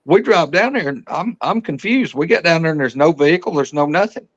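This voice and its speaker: Folksy man, slightly high voice. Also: animated, fairly quick, muffled recording. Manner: folksy, rambling, frequent restarts. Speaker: podcast guest telling a sighting story. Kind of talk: casual storytelling.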